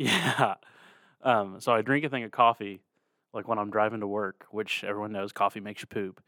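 A man's voice: lowish voice, steady tone, normal speed, a bit bright, dry recording. Casual young male podcast host, laid-back, dry close sound. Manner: laid-back, says "dude" and "like" a lot. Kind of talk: casual chat.

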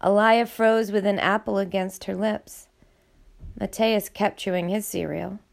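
Audiobook narrator: woman, gravelly, middle pitch, steady reading. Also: a little slow. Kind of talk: scripted narration.

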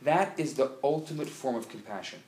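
A man's voice: mid-range voice, lively intonation, a little fast, darkish tone. Impassioned man preaching in an echoey hall. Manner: emotional storytelling with restarts, building to emphatic appeals. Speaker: speaker at a religious convention. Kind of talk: inspirational sermon.

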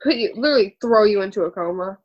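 A woman co-hosting a podcast, cutting in with quick jokes about a TV episode. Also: medium pitch, muffled recording. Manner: quick, joking interjections. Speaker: podcast co-host. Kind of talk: casual recap chat.

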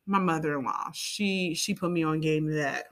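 She has a deep voice and a moderate pace, co-hosting a podcast in a chatty, easygoing way that drifts into side tangents and playful asides.

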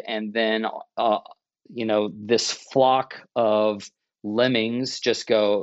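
Low-voiced man telling his story earnestly. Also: a little slow, dry recording. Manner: earnest, animated storytelling with many restarts. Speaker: church planter guest. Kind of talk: conversational interview storytelling. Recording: muffled, dry podcast audio.

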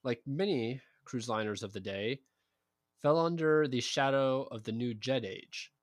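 A man's voice: medium pitch, unhurried, no room sound. Male podcast co-host, plain explainer of history, close and dry sound. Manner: explanatory, matter-of-fact storyteller. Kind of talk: casual history podcast narration.

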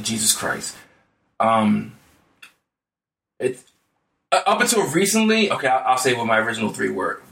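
A man's voice: on the low side, gravelly, a bit bright, reverberant, recorded from a distance. A man talks through songs in a loose, rambling way, his words full of fillers and restarts. He sits a little back from the mic, and the room around him rings. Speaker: podcast co-host. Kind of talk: casual music chat.

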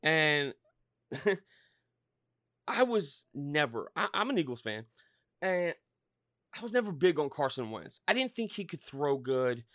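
A man's voice: on the high side, sing-song, unhurried, long pauses, fairly bright tone, no echo, studio quality. A man from Pennsylvania hosting a solo podcast, ranting heatedly and swearing constantly. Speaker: podcast host.

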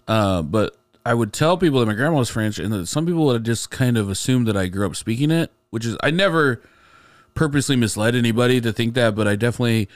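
A man's voice: medium pitch, expressive, fast talker, no echo. A man on a podcast, telling a comic story in casual chat full of filler words. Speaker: podcast host.

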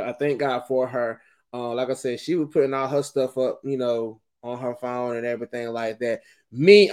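A middle-aged man hosting a podcast and talking through a rambling, animated, casual monologue, often laughing. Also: mid-range voice. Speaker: podcast host.

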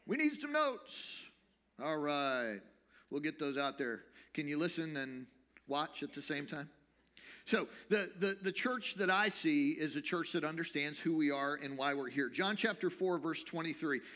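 A male pastor preaching a sermon in a church, talking in a lively, conversational way and teasing the congregation. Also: a little high, moderate pace. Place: church sanctuary.

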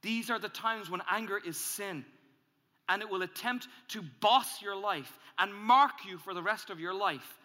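Bright-voiced man preaching in a reverberant hall. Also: a little slow. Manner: animated, acts out angry inner voices, rises in pitch and volume when emphatic. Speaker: pastor. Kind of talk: sermon.

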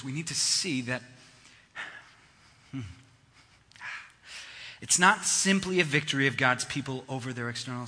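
A man's voice: mid-range voice, sharp tone, husky. A man preaching a sermon in a conversational teaching manner, driving his points home with emphatic repetition. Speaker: pastor. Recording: long hall reverb.

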